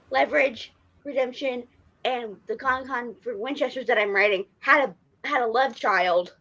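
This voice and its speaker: A woman co-hosting a podcast, telling a story in lively casual chat and often restarting her sentences. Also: a little high, normal speed, dull audio. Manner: animated storyteller, trails off and restarts. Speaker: podcast co-host.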